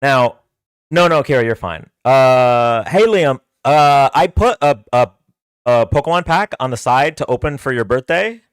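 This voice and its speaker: Male livestream host; smooth, rambling storyteller with lots of fillers, dry close sound. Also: mid-range voice, lively intonation, unhurried, no echo. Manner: rambling, filler-heavy, with frequent restarts. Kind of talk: casual storytelling.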